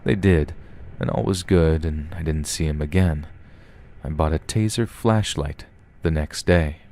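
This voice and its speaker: A man narrating scary stories in a steady, even storytelling manner, as the host of a horror reading podcast. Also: very deep voice, measured pace. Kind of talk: scripted narration.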